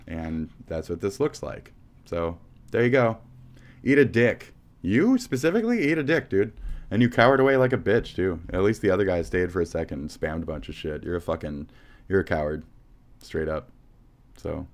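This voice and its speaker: American man, low voice, profane livestream host in a heated rant. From United States. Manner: heated, profane, insulting chat.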